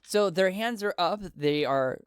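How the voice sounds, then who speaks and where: A man's voice: high voice, animated, unhurried, clean tone, dry recording. A man narrating and running a solo tabletop game in a casual, rambling way, often restarting his sentences.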